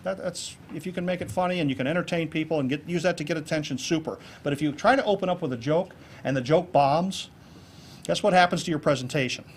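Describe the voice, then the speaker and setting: Guy giving a keynote at a club meeting, kinda high voice, jokey, acts stuff out, bit of room noise. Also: quick pace. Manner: lively, jokey, acts out examples for laughs. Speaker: keynote speaker. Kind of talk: public speaking talk on presentation skills.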